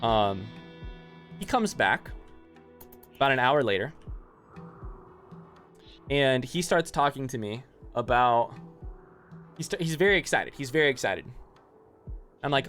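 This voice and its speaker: A man streaming a game, telling a long anecdote in a rambling, animated way and turning aside to talk to his chat. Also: a little high, a little slow, pauses often, faint music behind. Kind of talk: casual storytelling while streaming gameplay.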